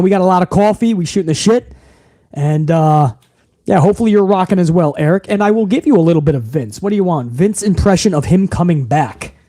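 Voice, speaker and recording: A wrestling commentary streamer with a high, warm voice reads viewer messages during his live stream. The delivery is emphatic, hyped and full of profanity.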